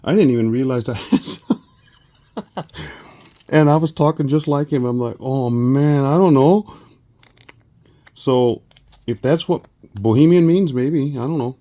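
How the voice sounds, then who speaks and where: A man from South Texas chatting casually while he works, a rambling storyteller who often clears his throat. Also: mid-range voice, moderate pace, pauses often, mellow. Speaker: resin crafting vlogger.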